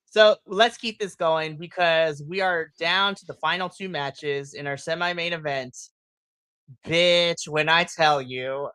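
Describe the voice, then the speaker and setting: A podcast co-host in casual post-show chat, excitable, laughing often and breaking into loud exclamations. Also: medium pitch, clean tone, no echo.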